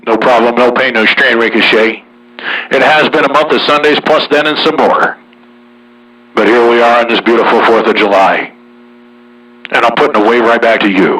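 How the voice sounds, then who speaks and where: A man in the US Northwest hosting a relaxed CB radio chat, with folksy banter. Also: mid-range voice, moderate pace, recorded from a distance, low-quality recording. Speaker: CB radio operator and channel host.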